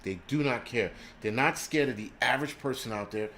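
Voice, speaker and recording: Brief: New guy, mid-pitch, foul-mouthed ranting vlogger, faint noise behind him. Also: brisk. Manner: profane, animated storytelling. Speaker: prepper channel host. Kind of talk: casual ranting vlog.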